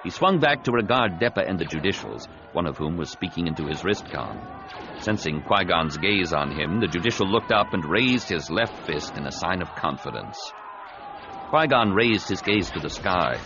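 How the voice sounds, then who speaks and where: A man narrating a science fiction novel in an expressive, dramatic reading. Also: low-pitched, moderate pace, over music. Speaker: audiobook narrator. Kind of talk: scripted narration. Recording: slightly dull, dry studio recording.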